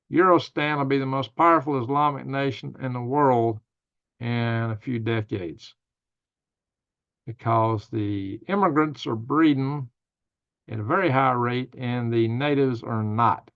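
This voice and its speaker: A man's voice: medium pitch, a bit bright, dull audio. A man hosting a casual livestream, reading viewer comments aloud and answering them in a rambling, thinking-aloud way. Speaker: livestream news host.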